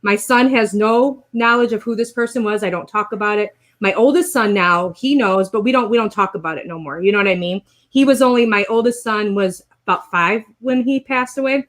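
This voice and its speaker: A woman telling a personal story in casual conversation, rambling and animated, acting out the voices of the people in it. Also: medium pitch, brisk, few pauses. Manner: rambling, animated retelling with quoted voices and laughs. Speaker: guest sharing a personal story.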